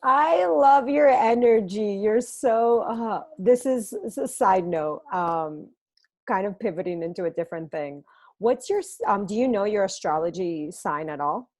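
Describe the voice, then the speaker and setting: Female podcast host, mid pitch, enthusiastic and warm-hearted interviewer. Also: expressive, a little slow. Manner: enthusiastic, effusive, laughs often. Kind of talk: conversational interview.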